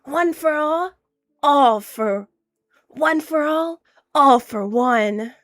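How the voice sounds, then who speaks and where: A young woman with a stuffy, nasal voice from a cold, voicing an overeager young anime hero boy in a cringey dub parody, shrill and exaggerated. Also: lively intonation, slow pace, a bit bright, no room sound, heavily acted.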